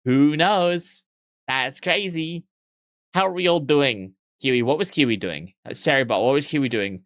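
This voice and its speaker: A man's voice: medium pitch, moderate pace, a bit bright, no room sound, studio quality. A man live-streaming and joking crudely with his chat, sleep-deprived yet weirdly awake, in a playful teasing manner.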